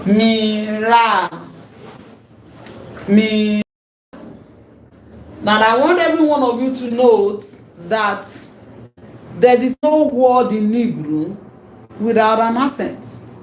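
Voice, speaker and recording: A woman teaching a language lesson, repeating key terms slowly and emphatically. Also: fairly high pitch, expressive, a little hiss or hum. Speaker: Hebrew teacher. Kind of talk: classroom lecture. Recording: echoey room with faint ambience.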